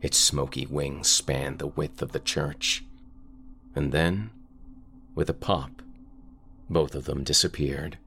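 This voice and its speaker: A man narrating a scripted horror story in a measured, ominous way. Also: rumbling low, fairly even intonation, bright, forceful tone, a little hiss or hum.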